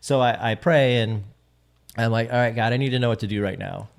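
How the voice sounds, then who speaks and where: A man's voice: medium pitch, a little fast, gravelly. A man with a Michigan accent, a podcast guest telling a personal story in casual conversation, earnest and prone to repeating his words.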